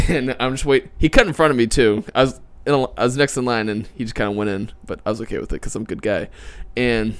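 This young man hosts a loose podcast with his friends. He rambles through everyday stories, laughs often and lets his voice rise when he gets worked up. His pitch sits in the middle of the range for a man. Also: quick pace, hardly any pauses, clear, resonant tone. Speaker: podcast host. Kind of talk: casual podcast chat.

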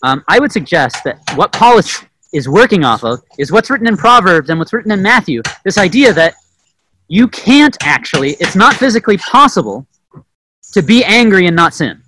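A young adult man giving a conversational sermon, often asking "right?" and acting out quotes with sudden loud bursts. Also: sits high, sing-song, moderate pace, a little hiss or hum, poor audio. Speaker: preacher. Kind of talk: informal sermon teaching.

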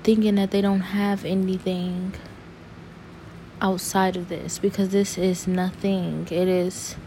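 A young woman talking to camera in an earnest, saddened personal monologue, halting and restarting as she searches for words. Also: lowish voice, level tone, warm tone, a little hiss or hum. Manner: rambling, halting, full of restarts and fillers.

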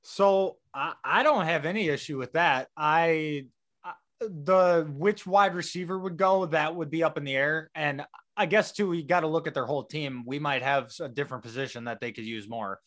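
A man's voice: a little high, normal speed, a bit bright. A man co-hosting a casual sports talk show, often restarting his sentences as he thinks aloud. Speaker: podcast co-host.

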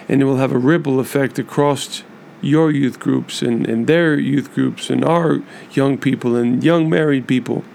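A man hosting a podcast, speaking earnestly and emphatically to church leaders in a measured monologue with many repeated lists. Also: mid-range voice, vocal fry, darkish tone, slight background noise. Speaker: podcast host.

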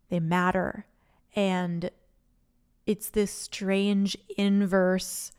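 In an unscripted solo episode recorded on a studio microphone, a woman podcast host shares an earnest, faith-filled reflection that wanders freely. Her voice is on the low side, clear and resonant, with a darkish tone.

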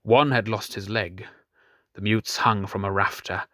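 A man reading a fantasy audiobook in scripted narration, measured and grave, dropping softer on grim details. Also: lowish voice, steady tone, dry recording, clean studio sound.

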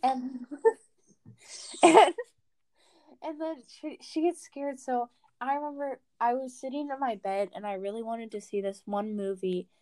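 A woman's voice: on the high side, a little slow, pauses often, mellow, no echo. A young woman co-hosting a podcast, telling stories in a casual chat full of fillers. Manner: chatty storyteller, lots of fillers. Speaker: podcast co-host.

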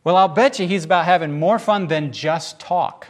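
A man giving informal, emphatic Bible teaching in a lively, conversational way. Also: fairly high pitch, moderate pace.

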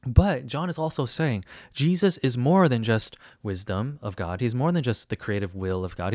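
A man's voice: mid-range voice, darkish tone, dry recording. Earnest male pastor preaching, dry sound. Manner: earnest, repetitive, rising emphasis on key questions. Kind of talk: online sermon.

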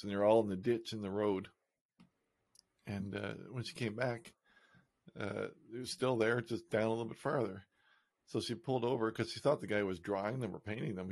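A man co-hosting a casual podcast, chatty and animated, telling stories with bursts of excitement. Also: on the low side, dry recording. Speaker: podcast co-host. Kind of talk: casual chat.

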